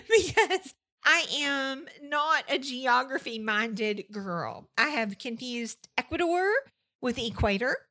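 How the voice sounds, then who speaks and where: A woman's voice: high voice, pushed and bright. A woman with a Southern US accent hosting a faith-based podcast monologue, emphatic and fond of repeating phrases for effect. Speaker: podcast host.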